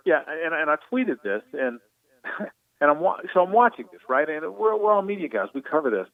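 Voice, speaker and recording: A man's voice: fairly high pitch, big pitch swings, fairly quick, dry recording. A middle-aged man from Jacksonville, a sports broadcaster talking earnestly and with emotion, repeating words as he goes, calling in by phone. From Jacksonville, Florida. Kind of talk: reflective on-air talk. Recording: tinny phone line, dry.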